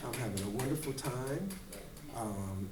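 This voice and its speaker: Middle-aged male choreographer guest, rambling animated storyteller, picked up from a distance in a roomy echoing space. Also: medium pitch, unhurried, noisy background. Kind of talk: casual interview storytelling. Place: large room at a kids fitness camp event. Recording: roomy echo, distant mic, faint ambience.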